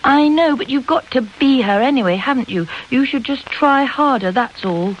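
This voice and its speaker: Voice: mid-range voice, measured pace, slightly rough. A reader voicing a bold, cheeky young girl who speaks bluntly and scornfully, in a slightly dull lo-fi recording.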